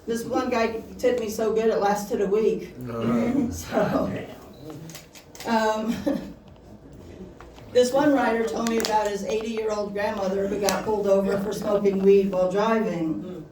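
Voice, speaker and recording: A young woman performing a stand-up comedy set, talking in a halting way and often breaking into giggles. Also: mid-range voice, fairly even intonation, a crowd in the background. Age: young adult. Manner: halting, giggly delivery with frequent laughs. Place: small shop hosting a comedy night. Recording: roomy, distant mic with faint background noise.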